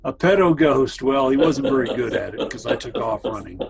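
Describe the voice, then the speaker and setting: Over a noisy crowd, a man with an expressive, creaky, medium-pitched voice talks fairly quickly in a rough recording. He plays the family storyteller, casually wandering through old stories for his brother with asides along the way.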